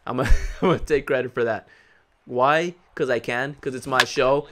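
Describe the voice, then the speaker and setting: Young male gaming host, average-pitched voice, playful trash talk over his ballgame, breaks into rapid repeated cheers. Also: a little hiss or hum. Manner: hyped, jokey, trash-talks the game characters; repeats words in excited bursts. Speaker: gaming YouTuber. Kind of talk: live gameplay commentary.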